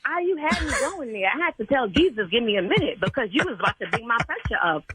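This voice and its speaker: An older church sign language interpreter takes a call from a prank caller and answers sternly and properly, scolding him through a tinny telephone line. She speaks fast in a fairly high voice that swings widely in pitch, with crowd noise in the background.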